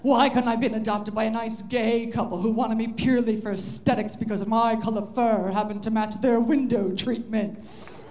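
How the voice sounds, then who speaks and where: A comedian putting on a grumpy pampered cat. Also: female voice, fairly high pitch, fairly even intonation, normal speed, few pauses, a little mellow, voice pushed down, close to an everyday voice. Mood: sarcastic, put-upon. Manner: world-weary, sarcastic grumbling. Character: snooty, grumpy pampered male house cat.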